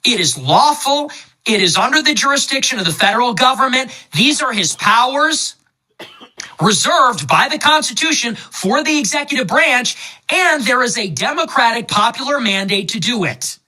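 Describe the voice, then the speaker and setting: Lecturing guy firing off political points, bright sharp voice, insistent. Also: very high-pitched, very animated, normal speed, low-quality recording. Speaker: political commentator in a played clip. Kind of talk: rapid-fire political speech.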